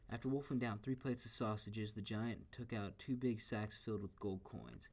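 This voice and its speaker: A man reading a children's story aloud in a steady, expressive way. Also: lowish voice, moderate pace, hardly any pauses.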